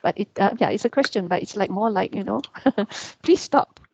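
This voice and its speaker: A woman teacher gives a casual, chatty grammar lecture, peppering her talk with "yeah" and "you know." Her voice has a gravelly edge. The recording is dry and muffled. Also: medium pitch, a little fast, dark tone, dry recording. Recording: dull, muffled sound.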